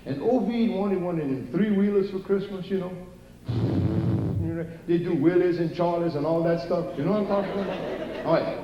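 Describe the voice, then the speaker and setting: A man's voice: high-pitched, lively intonation, normal speed, noisy background. An older man with a Cajun Louisiana accent telling jokes in a rambling, folksy way to a live theater audience. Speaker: stand-up storyteller. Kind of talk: live stand-up comedy. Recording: roomy, distant, dull audience recording.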